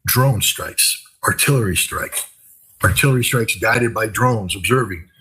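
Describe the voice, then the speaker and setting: A man's voice: on the low side, measured pace, sharp tone, slightly rough, rough recording. An older man talking in a casual interview, telling stories in an emphatic, repetitive way. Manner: emphatic, repetitive, vivid storytelling. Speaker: commentator.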